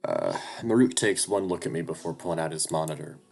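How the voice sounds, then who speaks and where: Deep-voiced young man narrating a game. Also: a little fast, vocal fry, a little mellow. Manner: casual, rambling, swears. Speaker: game streamer. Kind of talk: narrating a visual novel playthrough.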